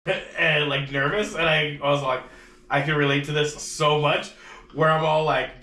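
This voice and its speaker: A man's voice: on the high side, steady tone, measured pace, sharp tone. A man co-hosting a casual movie review podcast, laughing and swearing as he talks. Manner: profane, laughing, self-mocking. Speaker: podcast co-host. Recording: echoey room, mic at a distance.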